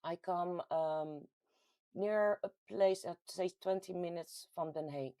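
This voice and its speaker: Woman, Dutch accent, low-pitched voice, chatty livestream host, dry close sound. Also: slow, no echo. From Netherlands. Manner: chatty and giggly, with frequent laughs and ums; animated, with sudden jumps up in pitch. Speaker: host of a paranormal community livestream. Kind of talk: casual live chat reading out viewer comments.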